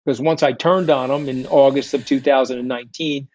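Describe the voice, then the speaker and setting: A middle-aged man, a guest telling stories in an interview, blunt, combative and quick to swear. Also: mid-range voice, fairly even intonation, darkish tone, a little hiss or hum. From New York. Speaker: guest, fund founder. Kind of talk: candid storytelling interview. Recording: dull, dry lo-fi sound.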